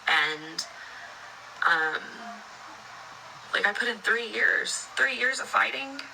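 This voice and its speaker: A young woman confiding about her relationship in a halting, hesitant way. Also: medium pitch, lively intonation, vocal fry, sharp tone, a little hiss or hum, low-quality recording. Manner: halting, hesitant, many fillers and restarts. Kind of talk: casual confessional vlog.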